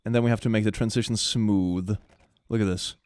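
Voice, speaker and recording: A man commenting casually while playing a game, often laughing and breaking into high-pitched squeals. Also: steady tone, a little fast, darkish tone, no room sound. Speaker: gaming streamer. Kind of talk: casual let's-play commentary.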